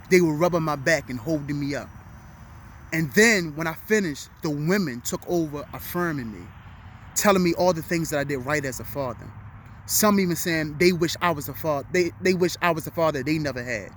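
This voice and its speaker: A man's voice: a little high, a little fast, slight background noise. Earnest, emotional man giving heartfelt advice. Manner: earnest, emotional, repeats key phrases. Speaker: vlog host. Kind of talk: heartfelt motivational talk. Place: outdoors at dusk, urban street.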